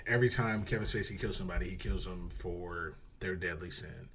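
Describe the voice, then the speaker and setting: A man co-hosting a podcast, casually retelling a movie plot in a rambling, animated way, swearing and acting out quotes. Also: deep voice, fairly quick, gravelly, a little hiss or hum. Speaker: podcast co-host.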